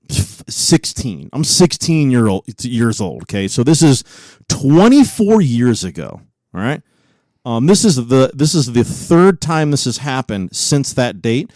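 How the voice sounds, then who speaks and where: A man in his forties, co-hosting a podcast, telling stories in a profane, animated way and laughing often. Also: a little high, dry recording, clean studio sound. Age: 40s. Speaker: podcast co-host. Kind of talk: casual chat.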